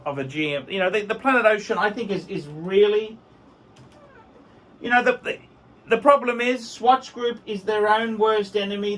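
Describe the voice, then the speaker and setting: Rambling, enthusiastic male reviewer with a bright, forceful tone. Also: high-pitched. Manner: enthusiastic, rambling, repeats words for emphasis. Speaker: watch reviewer. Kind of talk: casual video review.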